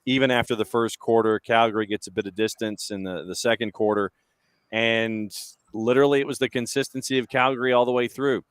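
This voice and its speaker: A man giving measured, analytical commentary as a guest on a sports talk show. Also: mid-range voice, fairly even intonation, smooth, no echo, studio quality.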